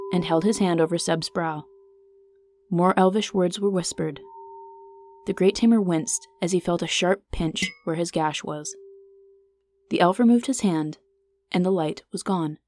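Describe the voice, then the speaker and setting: A woman narrating a fantasy story with steady, even-paced storytelling. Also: on the low side.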